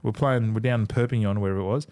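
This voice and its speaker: A man's voice: fairly low pitch, fairly even intonation, racing, a little mellow. A middle-aged Australian man, a former footballer, telling stories in a casual chat. He swears freely and acts out other people's lines. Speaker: podcast guest, former rugby league player.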